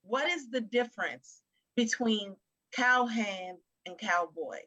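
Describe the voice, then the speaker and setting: Female interview host, fairly high bright voice, dry close sound. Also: animated, slow pace, dry recording, rough recording. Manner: short encouraging responses. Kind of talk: casual interview chat.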